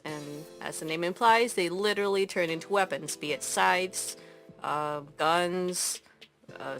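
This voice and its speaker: Young woman podcast co-host, bright tone, animated casual chat, faint music under her. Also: on the low side. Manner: animated, laughs often, acts out characters in loud mocking voices. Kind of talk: casual chat recapping anime.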